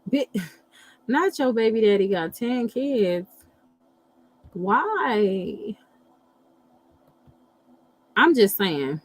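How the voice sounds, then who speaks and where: A middle-aged woman hosting a casual live chat, animated and blunt, swearing freely and reacting to viewer comments. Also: on the high side, drawn-out words, long pauses, no room sound, poor audio. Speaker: livestream host reading astrology.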